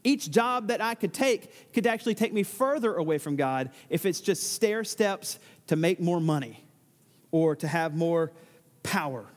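High-voiced preacher in an echoing hall. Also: male voice, expressive, a little slow. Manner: emphatic, exclaiming. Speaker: pastor. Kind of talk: sermon.

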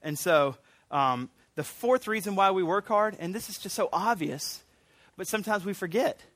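A man preaching a sermon, animated and earnest, often restarting his sentences. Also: sits high, moderate pace, no room sound. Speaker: pastor.

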